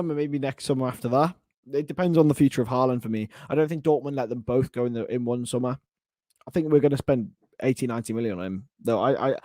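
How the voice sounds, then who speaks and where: A young man hosting a casual live stream, chatting and joking as he answers viewer comments in quick bursts. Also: mid-range voice, warm tone, dry recording, studio quality. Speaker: host of a fan channel.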